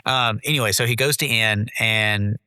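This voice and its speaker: A man's voice: fairly low pitch, normal speed, bright, forceful tone, clear, resonant tone, no echo, clean studio sound. A man co-hosting a podcast, reviewing a film in loose casual chat and saying "dude" and "like" a lot. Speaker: podcast co-host.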